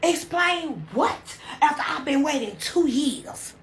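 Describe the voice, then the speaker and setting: A man's voice: very high voice, lively intonation, slow, echoey room, full character voice. A woman voicing a young man who is hurt and furious, firing off indignant questions.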